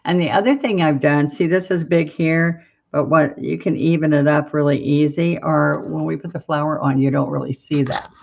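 A woman chatting warmly with viewers while she demonstrates painting in a live-streamed lesson. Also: low voice, steady tone, moderate pace, gravelly, husky, dull audio. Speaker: painting instructor.

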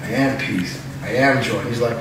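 A high-voiced man giving an animated Bible-study sermon, breaking into laughter and acting out voices as he goes. He sounds far from the mic in a very echoey classroom, with noise audible behind him. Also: moderate pace. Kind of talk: lively teaching sermon.

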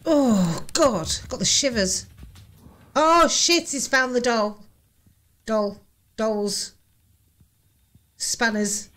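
A woman's voice: a little high, drawn-out words, pauses often, fairly bright tone. A woman hosting a reaction video, swearing and exclaiming as she watches a ghost hunt, panicky and jumpy.

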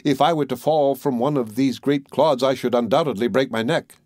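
A man's voice: mid-range voice, moderate pace, darkish tone, no echo, studio quality, close to an everyday voice. A man voicing Tom Thumb, a tiny, plucky and cheeky little boy in a storybook audiobook, with a perky, bold way of calling out. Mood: chatty.

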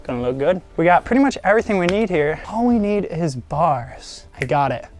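A man's voice: on the high side, big pitch swings, brisk, darkish tone, faint music behind. A young man hosting a casual product build vlog, upbeat and jokey, talking straight to his viewers. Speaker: host of a scooter shop channel.

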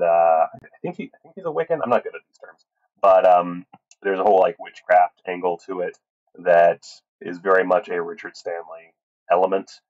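A man hosting a casual solo film podcast, rambling with many fillers and restarts and swearing freely. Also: sits low. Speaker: podcast host reviewing films. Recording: tinny wrong-mic recording.

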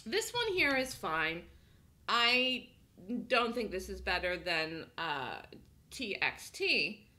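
A woman's voice: medium pitch, sing-song, slow, bright, forceful tone. A woman hosting a live day trading room, chatting casually, laughing often and thinking aloud as she calls trades.

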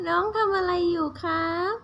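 A woman's voice: extremely high pitch, flat delivery, rapid-fire, a bit bright, slight background noise. A mother cooing to her baby in a sing-song voice in a home video.

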